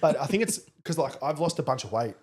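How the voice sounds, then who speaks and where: A man's voice: fairly high pitch, expressive, fast talker, crowd noise. A man in his thirties with an Australian accent, co-hosting a podcast and telling stories with lots of laughter and swearing. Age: 30s. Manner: laughing storyteller, swears freely. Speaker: podcast co-host. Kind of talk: casual banter.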